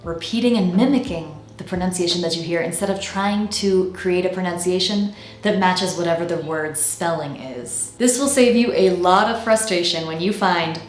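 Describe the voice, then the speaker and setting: A woman with a General American accent gives a scripted pronunciation lesson, speaking clearly and slowing down to model each word. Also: on the low side, echoey room, a little hiss or hum. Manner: clear, deliberate, slows down to model words. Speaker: pronunciation teacher.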